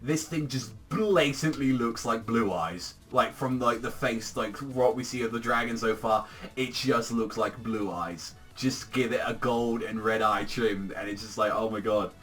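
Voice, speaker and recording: A man giving a casual, rambling episode review, excitable and swearing constantly. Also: mid-range voice, measured pace, faint music behind. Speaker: anime reviewer.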